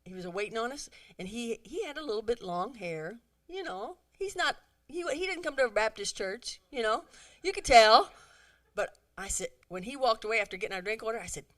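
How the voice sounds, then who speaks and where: Bright-voiced animated woman speaker. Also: a little high, fairly quick. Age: middle-aged. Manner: animated, acts out quoted dialogue, chatty asides. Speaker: women's conference speaker. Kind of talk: humorous talk to a church audience.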